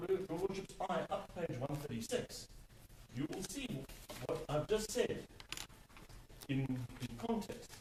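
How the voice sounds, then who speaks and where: A man arguing a legal case before a court, emphatic, stressing and repeating key words. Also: on the high side. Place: large courtroom. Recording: echoey courtroom, distant mic, faint hum.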